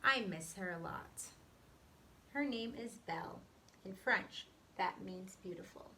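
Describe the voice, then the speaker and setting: A woman's voice: medium pitch, lively intonation, a little slow, sharp tone, slight background noise, poor audio. A woman reading the lines of a polite young boy who has just moved from France, in a storybook read-aloud. He answers in short, friendly replies.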